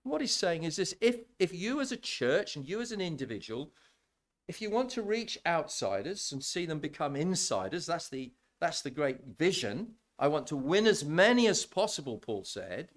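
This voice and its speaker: Man, preaching, bit high-pitched, swooping intonation, conversational, repeats words. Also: moderate pace. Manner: animated, conversational, repeats words when building a point. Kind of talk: sermon. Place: church.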